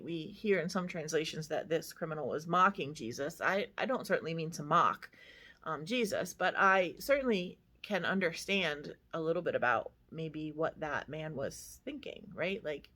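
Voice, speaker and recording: Soft-spoken woman pastor, conversational. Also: sits low, expressive, moderate pace. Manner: conversational, with many fillers and asides. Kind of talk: casual devotional reflection.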